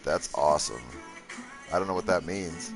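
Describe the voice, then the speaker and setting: A man with a deep, gravelly voice runs live gameplay commentary. He jokes sarcastically and talks straight to his chat as he plays, with soft music underneath. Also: normal speed. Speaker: streamer.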